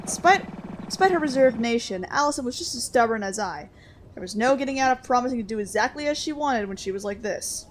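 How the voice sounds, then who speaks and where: A woman streamer reads a story game aloud and cracks jokes as she goes. Her voice sits a little high and her delivery is expressive. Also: fairly quick, slight background noise. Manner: expressive, jokey.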